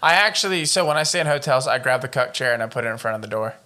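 A man's voice: medium pitch, expressive, very fast, pushed and bright. A man co-hosting a podcast, reading out a true-crime case in casual chat with profane, joking asides. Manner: profane and joking, wanders off into riffs. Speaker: podcast co-host.

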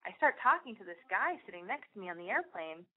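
A young adult woman hosting a podcast, telling a rambling personal story in a casual, animated, profane way. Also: mid-range voice, fast talker, husky. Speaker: podcast host. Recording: tinny phone-like sound.

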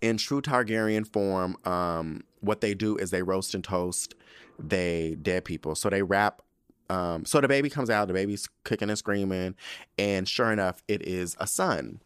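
A young man hosting a podcast, giving a casual episode recap as a profane, animated rant full of slang. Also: deep voice, measured pace, smooth, no echo, clean studio sound. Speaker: podcast host.

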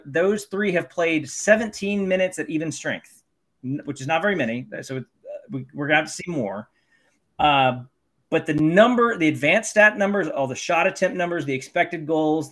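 A man's voice: on the high side, fairly bright tone. A man co-hosting a sports podcast in casual chat, analytical and focused on statistics. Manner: analytical, stat-focused breakdown. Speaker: podcast co-host.

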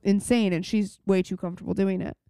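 Mellow-voiced woman, casual chat. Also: medium pitch, fairly even intonation, fairly quick, smooth, no echo, clean studio sound. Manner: chatty, swears, says 'like' a lot. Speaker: podcast co-host. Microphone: remote call mic.

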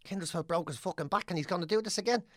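An Irish man co-hosting a podcast, telling stories in a casual, animated and sweary way. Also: high voice, rapid-fire, no room sound, studio quality. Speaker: podcast co-host. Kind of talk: casual chat, storytelling.

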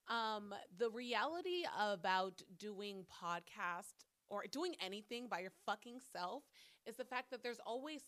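A woman hosts a solo podcast, venting bluntly and swearing plenty. Her voice is medium-pitched with a fairly bright tone, captured on a camera mic.

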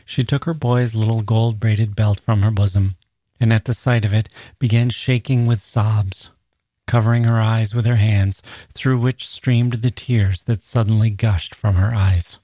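Male podcast host, warm mellow voice, dry close mic, reading a passage aloud. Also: lowish voice, steady tone, a little slow, no echo.

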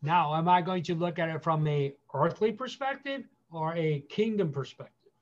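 High-voiced man pastoring earnestly. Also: highs cut off. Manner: repetitive, emphatic, slows down to stress key phrases. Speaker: guest pastor. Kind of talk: earnest pastoral counsel on a podcast.

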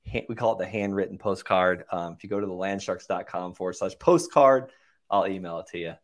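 Man, low voice, podcast guest, animated storyteller, casual, acts out callers. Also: brisk. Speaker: land investor guest.

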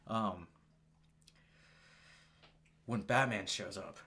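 A man's voice: on the low side, very slow, sharp tone. A man co-hosting a podcast, casually and animatedly retelling movie scenes, with some swearing. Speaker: podcast co-host. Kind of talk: casual chat.

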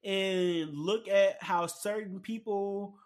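A man chatting casually and excitedly about a show, rambling with lots of fillers and restarts. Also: high voice, slow pace. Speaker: anime commentator. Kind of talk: casual chat.

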